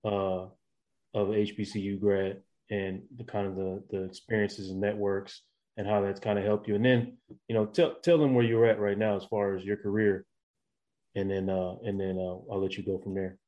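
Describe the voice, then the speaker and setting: A man with a low voice hosting a casual podcast. His tone is mellow and his delivery laid-back and teasing, and the recording sounds dull and lo-fi. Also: level tone, moderate pace. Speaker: podcast host.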